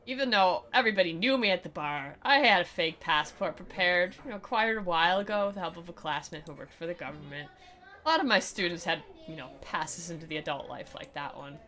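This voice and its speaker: A woman's voice: lowish voice, animated, fairly quick, bright, forceful tone. A young woman streaming a dramatic reading of a visual novel, mixing narration with sarcastic jokes and replies to chat. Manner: sarcastic, joking running commentary.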